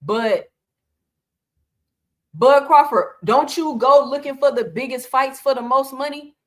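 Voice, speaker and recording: A woman with a somewhat high voice hosts her own casual commentary. She talks animatedly and fires off one rhetorical question after another. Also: a little slow. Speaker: boxing commentary host.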